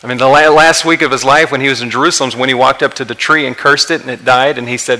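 Impassioned preacher man, bright voice. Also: mid-range voice, fairly even intonation, fast, hardly any pauses, low-quality recording. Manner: impassioned, rising to emphatic peaks then dropping quiet. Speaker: pastor. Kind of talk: sermon.

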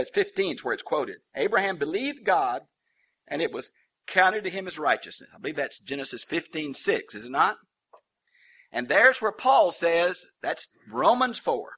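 Male preacher, bright forceful tone, slightly high voice, folksy humorous Bible teaching. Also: creaky, slightly rough. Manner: animated, folksy and humorous, with colloquial asides.

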